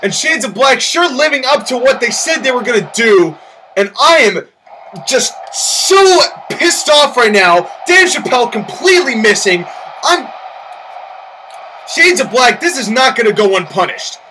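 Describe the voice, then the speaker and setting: A man giving excitable play-by-play commentary on a wrestling match, breaking into loud, shouting rants and incredulous outbursts. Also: very high voice, normal speed, a little hiss or hum, poor audio.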